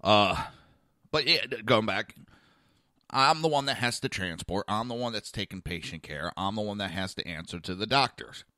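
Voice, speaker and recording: A talk show host tells a blunt story in a casual monologue, animatedly acting out the voices of other people. His voice sits on the low side at a moderate pace. The recording is dry and of studio quality.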